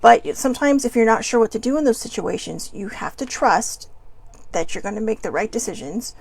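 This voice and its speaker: A woman's voice: on the high side, animated, a little fast, gravelly, darkish tone, breathy edge. A woman host chatting casually to viewers as she reads oracle cards, rambling and upbeat with playful asides. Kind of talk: casual spiritual chat to viewers.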